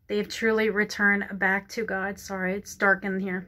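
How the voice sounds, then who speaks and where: A woman reads scripture aloud and shares a prophetic word, her voice staying level and narrow in pitch. She often stumbles over words and apologizes. She is emotional and close to tears. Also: little pitch movement, sharp tone. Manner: halting reading with stumbles and apologies. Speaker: Christian counselor sharing a prophetic word. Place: dark room indoors.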